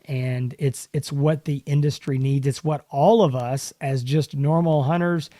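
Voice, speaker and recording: A man's voice: mid-range voice, fairly even intonation, measured pace, mellow, dry recording, studio quality. A man co-hosting a podcast in casual chat, telling stories animatedly and laughing often. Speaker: podcast co-host.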